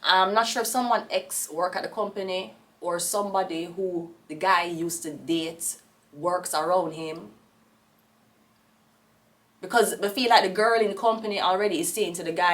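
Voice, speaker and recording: A woman's voice: on the low side, steady tone, normal speed, distant mic. A Jamaican woman giving a casual tarot reading, rambling and blunt, with profane outbursts. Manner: rambling, blunt and profane, with sudden loud rants. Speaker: tarot reader.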